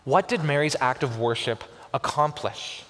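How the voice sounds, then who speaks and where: A man preaching a sermon as pastor, with expressive delivery and slow, emphatic pauses on key words. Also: medium pitch. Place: church sanctuary. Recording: long church reverb.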